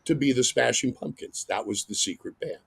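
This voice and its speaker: A middle-aged man, a radio host, telling an animated story as a guest and breaking into loud acted-out exclamations. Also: medium pitch, fairly quick, gravelly, crowd noise.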